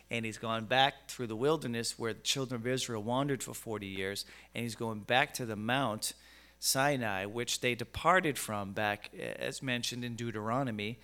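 A man's voice: medium pitch, bright, forceful tone, clear, resonant tone. A middle-aged male pastor preaching a conversational sermon, with stammering restarts and emphatic bursts.

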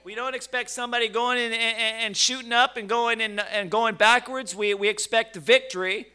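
A man preaching a sermon with emphasis and rhetorical questions, repeating words as he goes, swinging from quiet to loud. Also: very high-pitched, fairly even intonation, brisk, clean tone.

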